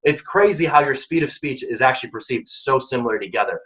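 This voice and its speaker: A man's voice: medium pitch, animated, fast talker, a bit bright, poor audio. A man hosting a career workshop, giving direct, emphatic advice in short punchy lines. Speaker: program founder and workshop host.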